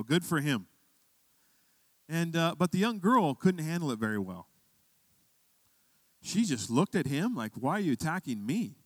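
Conversational preacher man, slightly high voice. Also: no echo. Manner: conversational storytelling, rising to emphatic questions. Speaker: pastor. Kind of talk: sermon with a personal story.

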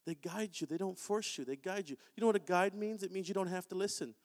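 A man delivers a sermon in a lively, conversational manner. His voice sits high for a man. The sound rings with a long reverb from a church sanctuary. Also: quick pace. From Canada. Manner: animated, conversational preaching with acted-out quotes. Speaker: pastor.

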